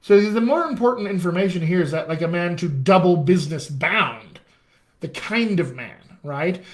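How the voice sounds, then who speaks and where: A man who is a dialect coach giving an enthusiastic live acting lesson, talking straight to viewers and slowing down to read verse aloud. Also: sits high, lively intonation. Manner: enthusiastic, direct, addresses viewers as friends. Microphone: webcam or laptop mic on a live stream.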